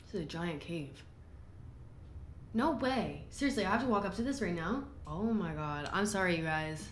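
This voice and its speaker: Playing a video game for her let's play, this twenty-something YouTuber has a fairly low, lively voice, normal speed, and long pauses. Easily startled, she reacts with jumpy exclamations, and the echoey room carries faint background noise.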